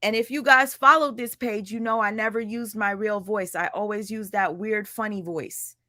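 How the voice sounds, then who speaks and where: Woman commentator, sarcastic and blunt, bright crisp tone, dry close mic. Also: mid-range voice, fairly even intonation, moderate pace, no room sound. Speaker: drama commentary narrator. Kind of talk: casual commentary voice-over.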